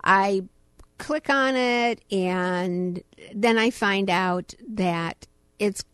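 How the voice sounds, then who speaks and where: A woman's voice: mid-range voice, extremely slow, fairly bright tone, smooth, no echo. A middle-aged woman co-hosting a radio show, telling a story with self-mocking humor. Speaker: radio co-host. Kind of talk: casual on-air chat.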